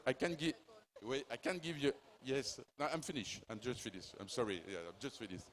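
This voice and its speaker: A man with a strong French accent giving a halting, apologetic panel speech about film distribution. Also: mid-range voice, animated. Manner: halting, apologetic, self-deprecating.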